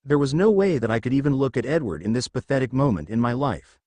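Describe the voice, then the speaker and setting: A man reads first-person fan fiction aloud in a steady storytelling voice. His middle-pitched voice moves in lively contours, recorded close with no room sound. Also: fast, dry recording. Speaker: narrator.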